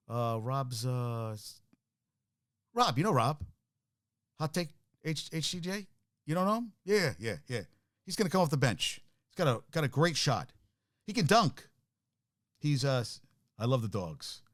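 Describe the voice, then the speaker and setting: A man hosts a sports talk show in a loose, worked-up rant, swearing and stumbling over restarts. His voice sits in a middle pitch. The sound is dry and close, with no room around it. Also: lively intonation, normal speed, long pauses, no room sound. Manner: worked-up, ranting, profane, rambling with restarts.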